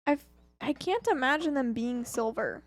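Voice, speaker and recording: A woman with a slightly high voice who giggles often as she banters. She co-hosts a casual livestream and reads out viewer comments. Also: expressive, normal speed. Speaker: livestream co-host reading chat.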